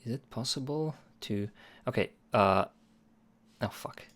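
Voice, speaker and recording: A man's voice: medium pitch, a little slow, fairly bright tone. A man hosting a music production livestream, chatting playfully with viewers in a rambling way. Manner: playful, rambling, chuckles often. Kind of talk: casual livestream chat with viewers.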